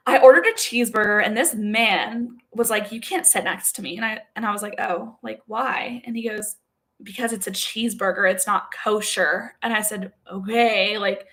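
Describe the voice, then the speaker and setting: A woman's voice: medium pitch, moderate pace, fairly bright tone. A young woman talking straight to camera in a casual, blunt and profane monologue, stressing points and checking in with the listener. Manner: blunt and profane, emphatic with frequent "okay?" check-ins. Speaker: spiritual content creator.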